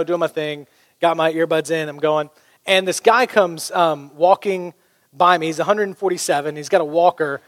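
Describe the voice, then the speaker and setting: A man preaching a sermon as pastor, conversational and humorous, telling stories. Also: high voice. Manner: conversational, humorous, animated storytelling. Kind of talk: sermon with storytelling.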